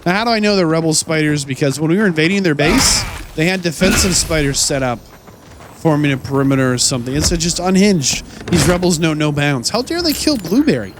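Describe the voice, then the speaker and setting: This man narrates his game playthrough with commentary, periodically erupting into dramatic, fake-indignant rants at foes. His voice is on the high side and brisk, and background noise is present.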